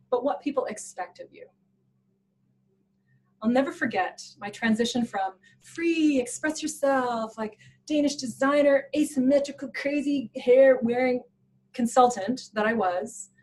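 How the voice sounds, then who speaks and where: A woman presenting a professional development workshop in an animated, playful way, laughing often. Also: sits high, unhurried, rough recording. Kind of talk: workshop talk.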